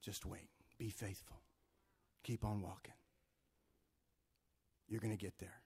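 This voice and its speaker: A man voicing God as a calm, patient father, speaking low and hushed to encourage a struggling believer. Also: slow pace, husky, exaggerated voice. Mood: gentle reassuring.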